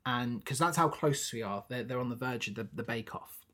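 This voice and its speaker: A woman's voice: rumbling low, a little fast. Chatty woman acting out scenes. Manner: animated storytelling, acting out characters' lines. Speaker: podcast co-host. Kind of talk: casual chat about a musical.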